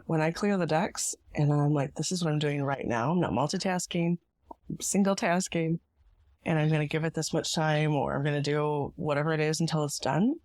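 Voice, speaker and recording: A woman hosting her own podcast, talking in a reflective, earnest way with a hoarse, gravelly voice from being sick. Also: low voice, darkish tone, no room sound. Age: adult parent. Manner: reflective and earnest, with small laughs. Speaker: podcast host. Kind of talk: solo podcast monologue.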